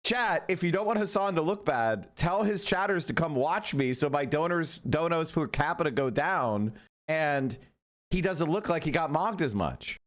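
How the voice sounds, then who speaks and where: A man's voice: fairly high pitch, animated, normal speed. A man talking casually to his live-stream chat, joking and rambling with the odd swear word. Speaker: livestreamer.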